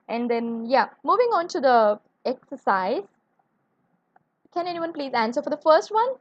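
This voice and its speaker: A woman's voice: sits high, animated, moderate pace, no echo, muffled recording. A woman teaching an online English grammar lesson, spelling words out letter by letter and asking viewers to answer.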